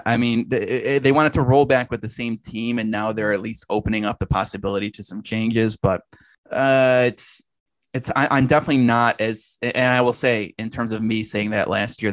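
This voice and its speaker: A man's voice: on the low side, dry recording. A man co-hosting a casual football podcast, rambling and restarting his sentences, swearing now and then. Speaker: podcast co-host. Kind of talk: casual sports chat.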